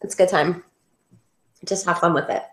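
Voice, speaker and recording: A woman's voice: fairly low pitch, fairly even intonation, normal speed. Woman from kansas city talking easy on a video call, roomy echo. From Kansas City, Missouri. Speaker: guest author. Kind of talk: casual chat. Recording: echoey room.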